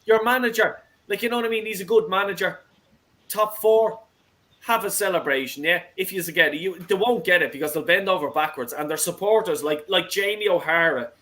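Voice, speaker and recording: A man's voice: high voice, brisk, sharp tone, rough recording. A man hosting a football fan call-in show, ranting heatedly with constant swearing.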